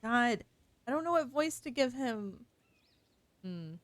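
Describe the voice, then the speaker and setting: Playful woman streamer, highish voice. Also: animated, slow pace, dry recording. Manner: playful, teasing, self-deprecating. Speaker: game streamer. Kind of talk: casual live-stream chat.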